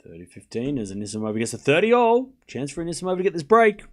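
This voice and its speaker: A man's voice: fairly high pitch, very animated, very fast. A young Australian man giving casual, self-deprecating live tennis commentary to his stream chat.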